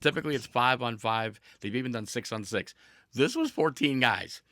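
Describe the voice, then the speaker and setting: A podcast host tells a story with energy, laughing and restarting along the way in casual conversation. His voice is mid-range and fairly bright at normal speed, recorded cleanly in a studio with no room sound.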